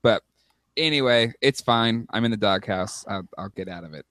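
A man co-hosting a podcast, talking in animated casual chat. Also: normal speed, dry recording. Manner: animated, jumps in pitch when excited. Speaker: podcast co-host.

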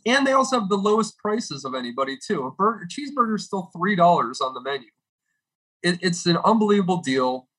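Young male podcast regular, comic rant, bright tense tone. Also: a little high, low-quality recording. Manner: animated, exaggerated comedic delivery with swearing. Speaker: podcast regular with a comedic food segment.

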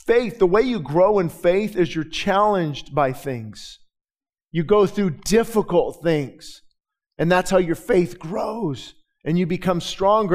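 A middle-aged male pastor preaching a sermon, moving from quiet storytelling to shouted, rising declarations. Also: sits high. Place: church sanctuary with balcony.

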